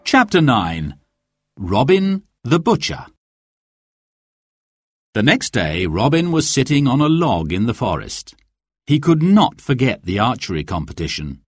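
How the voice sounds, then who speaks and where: A man reading a storybook aloud as narrator, with expressive, clear and careful delivery. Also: mid-range voice, measured pace, long pauses, dry recording, clean studio sound.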